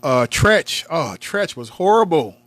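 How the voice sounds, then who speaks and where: Animated laughing man chatting about movies. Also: on the high side, a little slow, no room sound. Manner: laughing, animated, trails off quietly. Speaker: co-host. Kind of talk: casual chat about movies.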